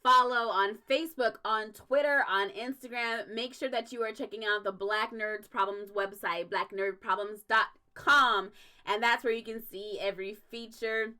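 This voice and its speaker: A woman's voice: on the high side, fairly even intonation, normal speed, sharp tone. A young adult woman hosting a casual livestream, ranting emphatically with frequent swearing and laughter. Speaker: stream host.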